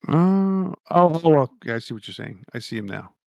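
A man's voice: fairly high pitch, big pitch swings, normal speed, vocal fry, darkish tone, no echo, lo-fi sound. A man co-hosting a casual podcast, rambling and opinionated, swearing casually as he talks. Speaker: podcast co-host.

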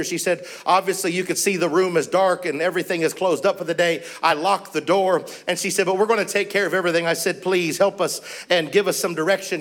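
A male missionary preacher telling a testimony from the pulpit. His voice sits a little higher than most men's, and he pushes into urgent, rising exclamations as the story builds. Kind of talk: storytelling sermon.

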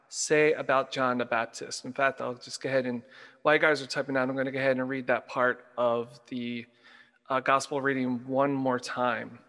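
A man's voice: mid-range voice, bright, forceful tone, long reverb tail. A middle-aged man hosting a live online Bible study, leading reflection questions in an upbeat, casual way. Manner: upbeat, leads the study with casual asides to viewers.

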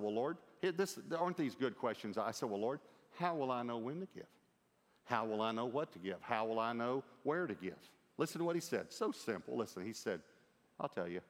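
A middle-aged man preaching a sermon, telling a lively story with quoted dialogue and humor. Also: medium pitch. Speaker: pastor. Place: large church auditorium. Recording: long hall reverb.

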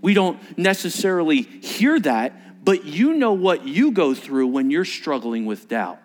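A man preaches a sermon with an animated delivery. His voice sits a little high and swings widely in pitch. He acts out the quotes in changing voices. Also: a little slow. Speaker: pastor.

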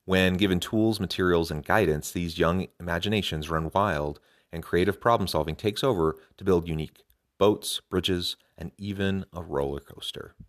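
A man's voice: sits low, normal speed. A man hosting a podcast, talking earnestly and enthusiastically about a talk, with some fillers and restarts. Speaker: podcast host. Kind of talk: podcast commentary.

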